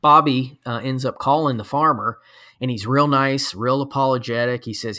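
A man's voice: mid-range voice, moderate pace, bright, forceful tone. A man who is a podcast guest, telling a long hunting story in a casual, rambling way with lots of fillers. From Florida.

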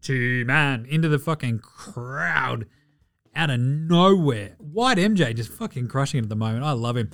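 A man's voice: mid-range voice, lively intonation, unhurried, fairly bright tone. A man with an Australian accent, hosting a casual sports podcast, swearing freely and joking through player stats. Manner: profane, joking, mimics players in asides. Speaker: podcast host.

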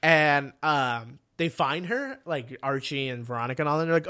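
Excited man retelling a comic story. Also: on the high side, a little fast, hardly any pauses, clean tone. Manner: animated storytelling, swears freely, acts out characters. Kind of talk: casual chat.

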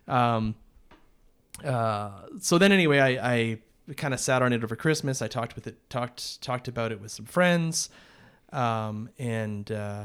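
A man's voice: medium pitch, unhurried, fairly bright tone, clear, resonant tone. A man, a podcast co-host, telling a long story in a rambling casual way, full of restarts and short laughs.

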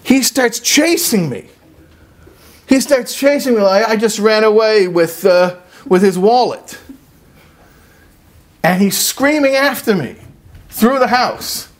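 A man's voice: takes it slowly, long pauses. Man telling a story in a sermon, emphatic. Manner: animated, jumps to high emphatic peaks; drops low and quiet for serious points. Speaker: religious speaker.

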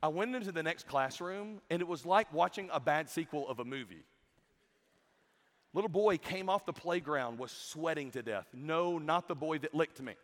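A young adult man giving a comedic youth sermon, telling stories in an animated way and mimicking the people in them. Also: a little high, moderate pace. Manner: animated storytelling with mimicked voices. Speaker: youth camp speaker. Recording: long hall reverb.

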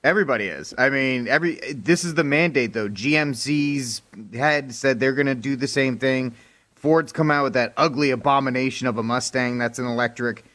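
Radio news guy, middle pitch, casual and wry, cracks jokes. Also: normal speed, fairly bright tone. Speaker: news co-host. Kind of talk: talk radio news segment.

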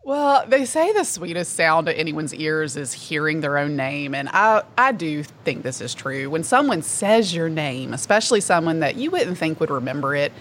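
A woman's voice: fairly low pitch, a little hiss or hum. A woman with a Southern twang co-hosts a podcast. Her voice rises and falls a lot as she talks, and she reflects on things and laughs easily. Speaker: podcast co-host. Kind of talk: casual podcast chat.

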